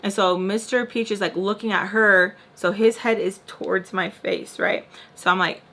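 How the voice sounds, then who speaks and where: A young woman vlogger telling a story in casual chat while doing her makeup. She is animated, packs her talk with fillers and drops into whispered asides. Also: mid-range voice, moderate pace, creaky. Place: home room, doing makeup.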